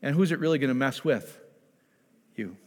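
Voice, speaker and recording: A male pastor giving a conversational sermon, lively and animated, who keeps checking in with his congregation. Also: medium pitch, moderate pace, long reverb tail.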